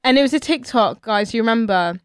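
A young woman co-hosting a podcast, chatting casually with animated, slangy, laughing banter. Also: on the high side, fairly quick, smooth, no room sound, clean studio sound. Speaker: podcast co-host. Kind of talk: casual chat.

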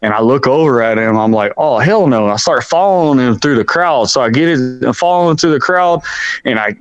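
A man's voice: medium pitch, brisk, clear, resonant tone, no room sound, lo-fi sound. A man in his forties, a podcast guest telling a rowdy story in a casual, profane way and calling the listener "bro" again and again. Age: 40s. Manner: animated, profane, keeps saying "bro".

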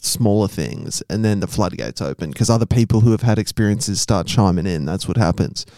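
Aussie guy co-host, mellow smooth voice, teasing storyteller, dry sound. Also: sits low, lively intonation, dry recording. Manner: teasing, storytelling, quick laughs. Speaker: podcast co-host. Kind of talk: casual chat.

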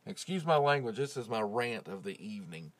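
A man's voice: fairly low pitch, big pitch swings, fairly quick. Man ranting profanely on his podcast. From United States. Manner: profane, heated, rising to loud outbursts. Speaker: podcast host. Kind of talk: casual ranting monologue. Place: home closet. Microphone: phone with clip-on mic.

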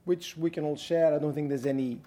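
Male academic, Greek accent, warm low-key delivery, deliberate lecture pace with ums. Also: fairly even intonation. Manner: measured, deliberate, frequent ums. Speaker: guest lecturer. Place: university lecture hall.

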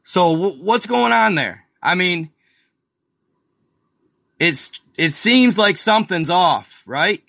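Excitable man narrating to viewers. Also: high-pitched, slow, creaky, long pauses, no room sound, clean studio sound. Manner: addresses viewers as y'all, excited and incredulous. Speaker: video host. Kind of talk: casual screen-share commentary.

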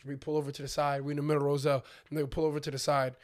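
A man's voice: a little high, rapid-fire. A young man and podcast co-host telling a story in casual slangy chat, acting out his friends' lines. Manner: animated, acts out friends' voices, slangy.

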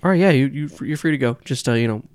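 A man's voice: medium pitch, fast talker, clear, resonant tone, no echo, voice pushed up, lightly acted. A man playing a stiff, officious patrolman.

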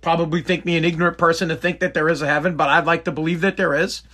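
A man's voice: fairly high pitch, level tone, racing, a bit bright. A middle-aged man telling a personal story in a blunt, rambling way, often breaking off and restarting his sentences. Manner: rambling, blunt, self-interrupting. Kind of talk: casual storytelling monologue.

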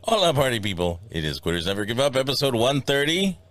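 A man's voice: mid-range voice, sing-song, quick pace, noisy background. A man hosting a comedy podcast, joking and rambling with restarts. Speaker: podcast host. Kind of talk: casual comedy podcast chat.

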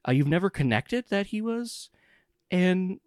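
A man's voice: high voice, lively intonation, unhurried, clean tone, no room sound, clean studio sound. A man narrating as game master of a tabletop game, rambling with fillers. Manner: rambling, lots of fillers and giggles.

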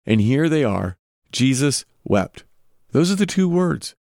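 A man's voice: mid-range voice, sing-song, measured pace, gravelly, a little mellow, dry recording, clean studio sound. A man hosting a podcast, giving earnest devotional Bible teaching and putting direct questions to his listeners.

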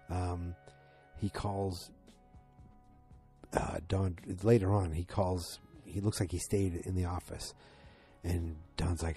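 A man casually recapping a TV episode. He rambles excitedly and acts out the lines he quotes. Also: low-pitched, normal speed, soft background music.

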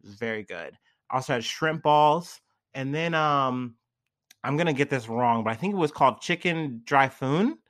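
A young man, a little drunk and high, talking in a loose, rambling vlog monologue full of fillers and slang. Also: expressive, moderate pace, a bit bright. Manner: laid-back, heavy on fillers and slang. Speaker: vlogger.

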